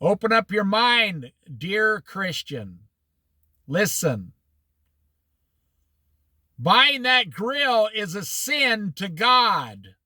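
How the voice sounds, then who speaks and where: Animated high-voiced Bible teacher. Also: male voice, drawn-out words, pauses often, dry recording. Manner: animated, laughs at his own stories, folksy. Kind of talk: casual Bible teaching with acted anecdotes.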